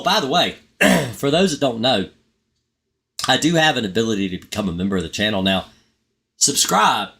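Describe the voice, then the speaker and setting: A man's voice: fairly low pitch, sharp tone. A middle-aged man hosting a live stream, chatting casually and rambling, often laughing at his own stories. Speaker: pest control channel host.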